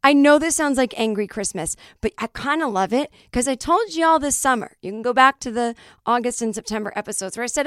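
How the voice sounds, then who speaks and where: Cranky, animated woman podcast host. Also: a little high, brisk, clear, resonant tone, no room sound, studio quality. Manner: cranky, animated, swears freely while plugging shows. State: voice not fully recovered. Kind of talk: solo podcast monologue.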